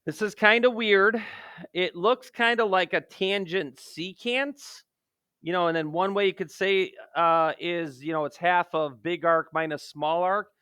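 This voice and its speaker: A man talking through a geometry lesson as a math teacher, joking and poking fun at himself. His voice is bright and sharp and sits a little high. It is recorded close and dry, with no room sound. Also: a little slow, clean tone, no echo. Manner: joking, self-deprecating, jumps from playful outbursts to mutters.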